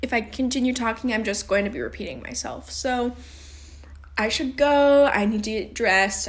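A woman's voice: on the high side, lively intonation, normal speed. A young woman hosting a solo podcast, rambling and venting heatedly with lots of swearing. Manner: rambling, self-questioning. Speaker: podcast host. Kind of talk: casual solo podcast rant.

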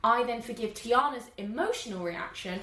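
A woman co-hosting a casual podcast, retelling a film plot quickly and animatedly with lots of fillers. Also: a little high, roomy sound, a little hiss or hum. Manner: animated, fast storytelling with many fillers.

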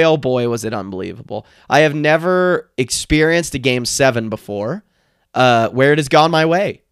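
A man hosting a casual sports podcast, his voice hoarse and strained, talking with excited energy. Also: medium pitch, no echo, studio quality. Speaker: podcast host.

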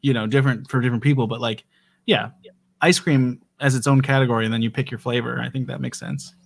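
A young adult man co-hosting a casual podcast, easygoing and quick to laugh. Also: mid-range voice, steady tone, vocal fry. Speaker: podcast co-host.

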